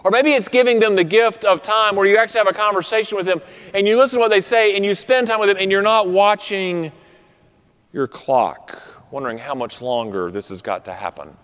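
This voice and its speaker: A man preaching a sermon in an earnest tone, often dropping to a soft, quiet close on key words. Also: high voice, a little fast, clear, resonant tone. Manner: earnest, drops to soft quiet endings for emphasis. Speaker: pastor. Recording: reverberant hall.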